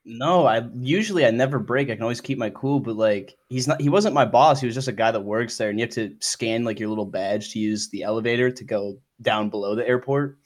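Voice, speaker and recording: A man's voice: medium pitch, a little fast, few pauses. A young man co-hosting a casual chat, rambling through stories with plenty of fillers. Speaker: podcast co-host.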